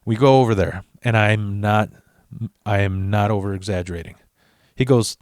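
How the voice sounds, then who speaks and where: A man's voice: fairly low pitch, normal speed, a little mellow, dry recording, clean studio sound. A man hosting his channel, telling a long comic story in a rambling way with constant swearing. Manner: profane, rambling, restarts. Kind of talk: comedic storytelling vlog.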